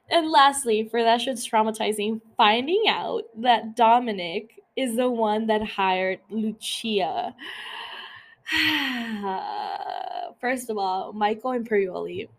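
A woman chats casually as a podcast host, peppering her talk with fillers and swearing freely. Her voice sits a little high and carries a gravelly fry. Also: unhurried, hardly any pauses. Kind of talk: casual TV recap chat.

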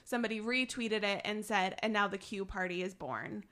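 A woman's voice: mid-range voice, moderate pace, fairly bright tone. A young woman co-hosting a casual political chat podcast, talking in a chatty way with many fillers and restarts.

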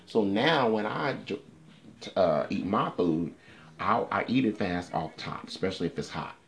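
Sassy deep-voiced man chatting live. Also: lively intonation, moderate pace, slight background noise. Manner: sassy, swears freely, addresses viewers directly. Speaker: livestream host. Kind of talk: casual livestream chat. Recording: faint music in the background. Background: faint music.

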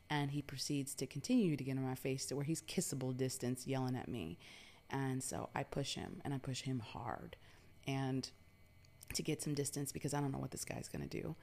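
A woman's voice: a bass voice, moderate pace, darkish tone. A woman from New York telling a personal story in a casual, chatty way, with lots of fillers and some swearing.

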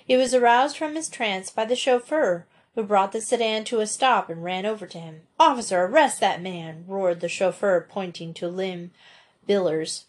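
Brief: female storybook narrator, mid-pitched, steady expressive reading. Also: normal speed. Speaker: audiobook narrator.

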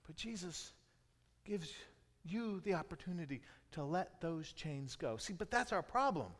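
A man preaching a sermon as a pastor, moving between loud emphatic lines and hushed, near-whispered retellings. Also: a little high, sing-song, measured pace, big-room sound.

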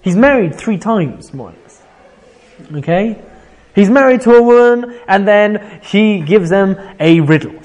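This man's voice sits high, and he speaks at an unhurried pace while teaching a casual Bible class. His storytelling is animated; he reads out Hebrew verses, puts them in his own words, and keeps asking "right?".

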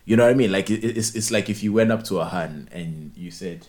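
A man's voice: low-pitched, fast, few pauses. A young Zimbabwean man whose first language is Ndebele, telling a story in casual chat and acting out both sides of a phone call.

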